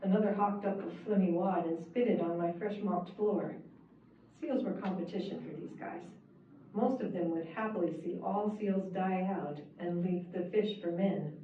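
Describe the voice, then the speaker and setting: A woman, the author, reading her own first-person novel aloud in a measured, wry storytelling manner. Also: lowish voice. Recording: echoey, distant, phone-like and hissy.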